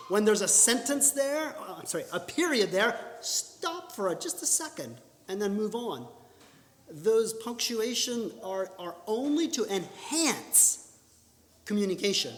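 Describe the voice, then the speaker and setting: A man giving an earnest instructional talk at church, often restarting and correcting himself, then pushing out bursts of emphasis. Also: sits high. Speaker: church speaker teaching public speaking. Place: church hall. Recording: echoey church hall.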